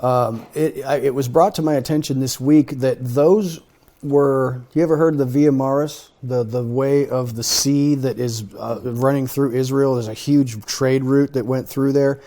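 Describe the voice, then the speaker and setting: A man's voice: mid-range voice, steady tone, unhurried, mellow. A man leading a conversational Torah study, talking earnestly and thinking aloud. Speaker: Bible study teacher.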